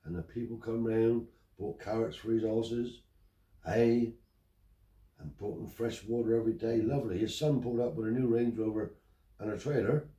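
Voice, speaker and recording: In a casual chat, an older Romany Traveller being interviewed acts out conversations while telling stories, full of animation. He has a lowish voice at normal speed, recorded from a distance in a roomy space.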